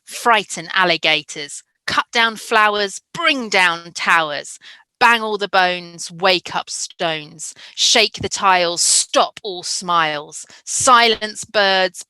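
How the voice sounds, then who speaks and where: A woman's voice: mid-range voice, clean tone, dry recording, rough recording. A woman reading as a furious stomping child. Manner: shouted, slow, punchy list chant.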